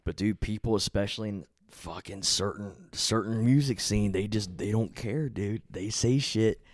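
A man's voice: fairly low pitch, normal speed, dry recording, clean studio sound. A man in his thirties in casual late-night chat, laid-back and profane, filling his talk with "dude" and "like". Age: 30s.

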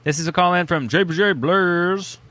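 A man's voice: sits high, moderate pace, bright, forceful tone. A male podcast co-host in casual, playful banter, goofy and laughing often.

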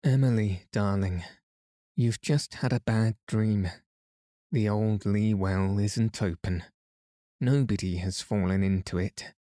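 A man reading aloud and voicing a gentle, tired aunt who soothes a sick child, speaking softly and slowly. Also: lowish voice, no room sound, studio quality. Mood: soothing.

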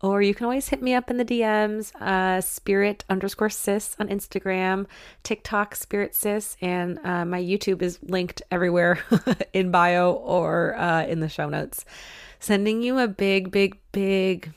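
A woman hosting a spiritual podcast, reading listener stories aloud and chatting warmly and emotionally, laughing often. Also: medium pitch, steady tone, moderate pace, no room sound, studio quality. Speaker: podcast host.

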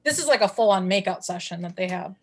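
A woman's voice: mid-range voice, expressive, fast talker, husky. Chatty Midwestern woman podcaster. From southeastern Wisconsin. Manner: chatty, enthusiastic, repeats words for emphasis. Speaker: podcast co-host. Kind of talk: casual chat.

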